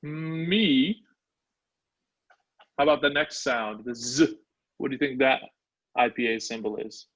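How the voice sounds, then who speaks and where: A man's voice: mid-range voice, steady tone, brisk, fairly bright tone. A male instructor teaching a live online class, sounding out words syllable by syllable. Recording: dull lo-fi online call audio.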